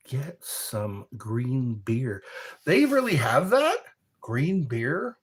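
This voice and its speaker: Slow-talking husky man streamer. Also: mid-range voice, very animated. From United States. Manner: slow, rambling, reads chat messages aloud. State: a little tipsy from wine. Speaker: live streamer. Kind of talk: casual live-stream chat reading comments.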